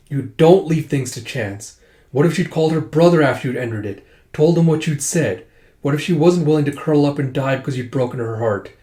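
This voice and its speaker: A man's voice: mid-range voice, warm tone, close to an everyday voice. Fierce rebel daughter, a man reading her lines; blunt and cold in a roomy space. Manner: blunt, accusing. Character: fierce defiant young woman, daughter turned rebel.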